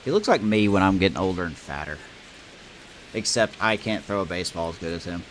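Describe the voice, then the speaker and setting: A man's voice: sits low, lively intonation, a little fast, slight background noise. A man casually commenting on his baseball video game, chatty and self-deprecating, reacting to each play. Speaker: gamer playing a baseball franchise mode.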